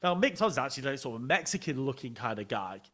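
A man hosting a casual chat, talking in an excitable, rambling way and often jumping in over his guest. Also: mid-range voice, fast talker. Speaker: podcast host.

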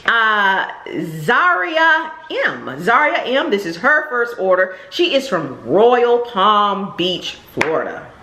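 A woman's voice: mid-range voice, sing-song, takes it slowly, hardly any pauses, sharp tone, reverberant. A middle-aged woman chatting casually in a haul vlog, thanking shop customers and describing clothes, with plenty of ums and repeated words. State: out of breath. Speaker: vlogger and shop owner. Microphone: camera or phone nearby.

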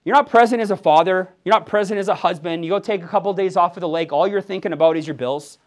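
A man's voice: sits high, quick pace. A fired-up man, giving a punchy motivational sales training talk and quizzing the room. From Milwaukee, USA. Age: 40s.

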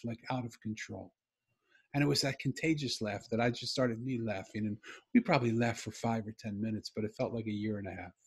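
A middle-aged man telling a story from his own life in a heartfelt, emphatic way. His voice is husky and sits at an ordinary pitch. He speaks like a guest in a relaxed conversation.

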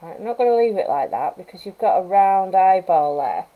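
A woman wildlife artist giving a live painting demonstration, chatting and thinking aloud as she works, with gentle coaching asides. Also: mid-range voice, very animated, a little fast, phone-quality sound. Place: art studio at home, live stream.

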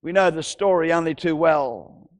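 A man pastor with an Australian accent preaching an impassioned sermon, repeating phrases and rising to shouts. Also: on the high side, normal speed.

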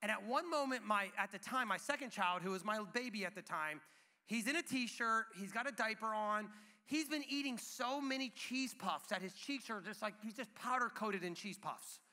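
Animated high-voiced preacher man. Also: normal speed, in a large hall. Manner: animated storytelling preacher, playful. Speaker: pastor. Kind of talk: sermon. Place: church auditorium.

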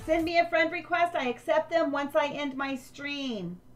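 A woman's voice: sits high, normal speed, faint music behind. An older woman live-streaming a game, chatting with viewers and thanking them by name.

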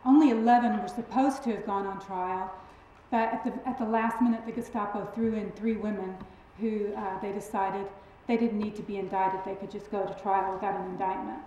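Lively woman lecturing in an echoey hall. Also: medium pitch, a little fast, few pauses, dull audio, slight background noise. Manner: lively, emphatic, friendly storytelling. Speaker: guest lecturer. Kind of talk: public lecture.

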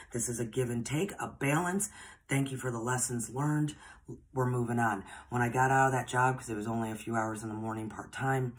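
A woman, a spiritual podcaster telling personal stories in a chatty, rambling, earnest way. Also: rumbling low. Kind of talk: personal storytelling.

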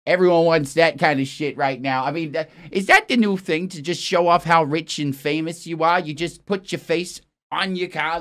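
A man's voice: fairly high pitch, normal speed, hardly any pauses. Swearing, exasperated comic newsman. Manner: profane, exasperated, rambling and self-interrupting. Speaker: comedy news anchor. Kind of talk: improvised comic news parody.

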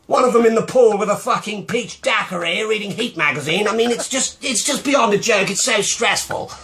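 A man's voice: sits high, sharp tone. A man putting on a stressed, sweary gent plagued by pigeons, ranting in improvised comedy over voice chat.

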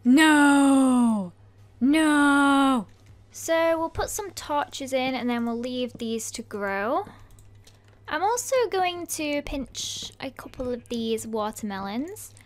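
A young woman hosting a let's play, chatty and playful, gasping with excitement as she narrates her game. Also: high voice. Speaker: gaming channel host.

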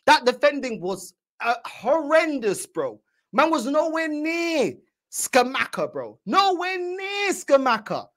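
Lively, slangy London channel host. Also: female voice, sits high, slow pace. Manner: teasing, slangy, constant filler questions. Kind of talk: casual reaction commentary.

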